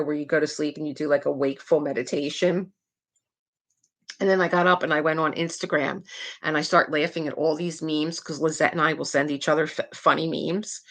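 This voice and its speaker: Chatty woman host, lowish voice. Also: a bit bright. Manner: chatty and rambling, laughs often, many "like" fillers. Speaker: livestream host. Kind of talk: casual chat to a live chat audience.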